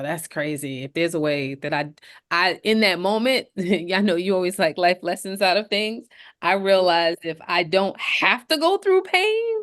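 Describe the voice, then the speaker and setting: During a relaxed storytelling conversation on her podcast, an energetic female co-host recounts something from her own life, performing the voices she quotes with large swings in pitch.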